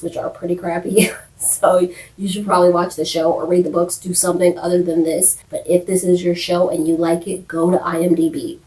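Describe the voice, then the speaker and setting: A woman with a slightly low voice hosts a laid-back video recap of a TV episode. She talks in a chatty, animated way and slips in quick impressions of the characters. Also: distant mic, poor audio. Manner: animated storytelling, quotes characters, frequent laughs. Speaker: YouTube show recap host.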